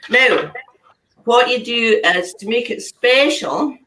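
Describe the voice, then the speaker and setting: A woman's voice: on the high side, lively intonation, slow pace, bright, forceful tone. Chatty woman hosting a whisky tasting. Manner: chatty, laughs often, trails off mid-sentence. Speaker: host of an online whisky dinner. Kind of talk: casual tasting demonstration. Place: home, on a video call. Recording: echoey room, distant mic, faint noise.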